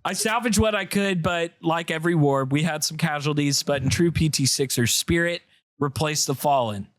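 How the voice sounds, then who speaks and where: Podcast co-host, man, upper-register voice, dry close-mic studio sound, lively comic read. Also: fairly high pitch, normal speed, no echo. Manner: animated storytelling, breaks into laughter. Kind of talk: reading a listener voicemail aloud, comic.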